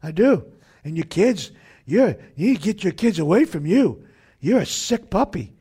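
A man hosting a religious talk broadcast, ranting in a combative, preacher-like way with sudden shouted jabs. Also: high-pitched, big pitch swings, moderate pace, slightly rough. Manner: combative and fiery, jabbing at his targets with sudden shouted outbursts.

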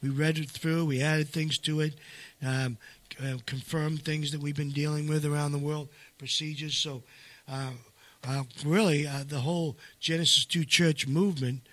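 A man with a fairly high voice talks in a loose, rambling flow, stacking restarts and fillers, then leans hard into the points he cares about. The recording is dry and close, with no room sound around him. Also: flat delivery, moderate pace, a bit bright, dry recording. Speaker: seminar leader and co-author. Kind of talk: casual promotional chat.

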